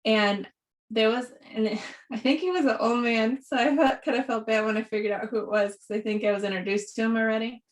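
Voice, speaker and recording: A woman telling a personal story in an animated way, often laughing, speaking over a video call. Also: fairly high pitch, a little fast. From rural upbringing. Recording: distant from the mic.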